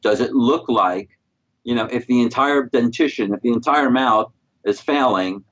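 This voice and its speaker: A middle-aged man answering interview questions as a guest specialist, calm and explanatory. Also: mid-range voice, normal speed, dull audio. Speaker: guest periodontist.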